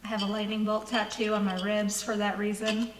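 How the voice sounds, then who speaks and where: A woman's voice: mid-range voice, completely flat delivery, fairly quick, a crowd in the background. A female co-host in upbeat, chatty casual conversation. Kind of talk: casual chat. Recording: echoey room with faint noise.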